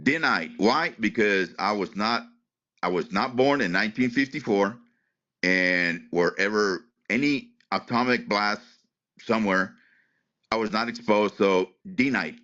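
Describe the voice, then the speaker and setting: A man telling an interviewer a personal story, often halting, repeating words and restarting his sentences. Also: fairly low pitch, pushed and bright. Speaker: interviewee, retired Air Force veteran. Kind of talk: emotional personal account in an interview. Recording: muffled, lo-fi recording.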